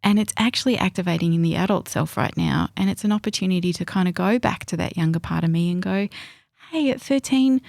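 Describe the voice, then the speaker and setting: A woman's voice: on the low side, no room sound, clean studio sound. A middle-aged woman, a parenting expert retelling conversations as a reflective storyteller on a podcast. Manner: warm, reflective storyteller who acts out remembered dialogue.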